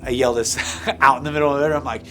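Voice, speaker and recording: A man with a bright, forward voice recounts a personal testimony in an intense, rambling way, tripping over restarts and filler words. At the heaviest points his voice sinks to a hushed low, and faint music plays underneath. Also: fairly even intonation, racing. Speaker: guest sharing a personal testimony. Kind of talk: emotional first-person testimony.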